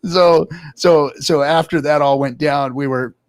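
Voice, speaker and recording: A man on a casual podcast telling a story, animated and swearing a lot, acting out others' voices loudly. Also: a little high, measured pace, dry recording. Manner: animated, loud quoted voices, swears often. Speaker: podcast co-host.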